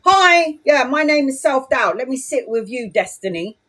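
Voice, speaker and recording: A woman's voice: sits high, animated, moderate pace, a bit bright. A woman voicing a clingy spirit of self-doubt that greets someone in a mock-friendly, cooing way. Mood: sly.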